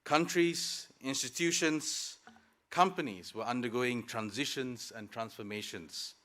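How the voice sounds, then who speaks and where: Speaking a little slowly in a medium-pitched, somewhat bright voice, a man in his thirties who works professionally addresses a graduation ceremony as the student speaker. His prepared podium speech is formal but includes light humor.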